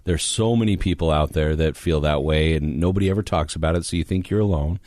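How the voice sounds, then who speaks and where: A man co-hosting a podcast and coaching on anxiety, speaking in a calm, explanatory way. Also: a bass voice, fast, no echo, studio quality. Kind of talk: interview conversation.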